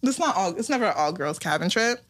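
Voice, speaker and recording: Animated young woman podcast host. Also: mid-range voice, quick pace. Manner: animated, laughing, acts out quotes. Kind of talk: casual chat.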